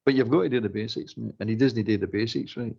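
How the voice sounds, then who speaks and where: A Scottish man co-hosting a fan phone-in, talking in casual, exasperated, animated bursts. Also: fairly low pitch, fast talker, creaky, husky, muffled recording. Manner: animated, exasperated ranting with laughs. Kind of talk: casual football chat.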